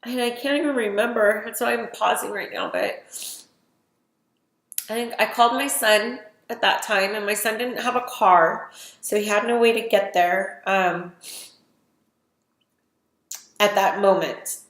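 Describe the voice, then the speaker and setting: A woman's voice: mid-range voice, expressive, a little slow, long pauses, fairly bright tone. Middle-aged woman telling her story, roomy. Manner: emotional, retells events with quoted dialogue. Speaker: testimony speaker. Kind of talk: personal testimony storytelling.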